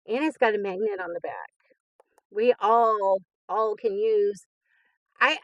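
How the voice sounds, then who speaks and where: A woman hosting a craft channel, chatting casually as she unboxes mail, gushing and laughing softly. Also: medium pitch, no room sound, poor audio.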